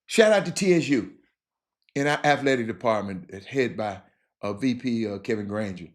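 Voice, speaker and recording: A man hosting a casual sports talk show, rambling and repeating himself with animated bursts. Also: mid-range voice, normal speed. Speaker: show host.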